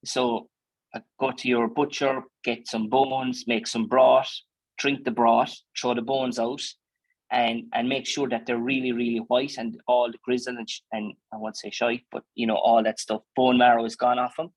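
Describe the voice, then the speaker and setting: A man's voice: mid-range voice, flat delivery, normal speed, dry recording, poor audio. A man with an Irish accent, a dairy farmer answering interview questions in a chatty, plainspoken way, full of fillers and restarts. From Ireland.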